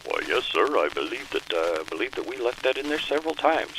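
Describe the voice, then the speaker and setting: A man's voice: mid-range voice, very animated, brisk, a bit bright, a little hiss or hum, poor audio. A man playing a meek, deferential newspaper editor who hesitantly agrees with his boss.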